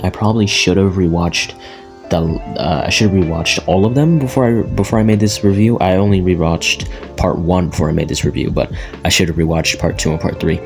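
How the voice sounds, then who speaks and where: A man's voice: low-pitched, darkish tone. A young man giving a casual, rambling movie review with lots of fillers and restarts. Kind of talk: casual spoken film review.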